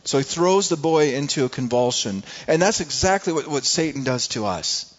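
A man's voice: a little high, animated, moderate pace. A male pastor preaching a sermon in an earnest way, often repeating words as he searches for the next one. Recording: dull lo-fi recording.

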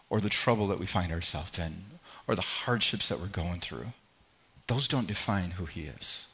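A man preaching a sermon in an earnest way, often repeating words and dropping low and quiet for emphasis. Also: dull audio. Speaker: pastor.

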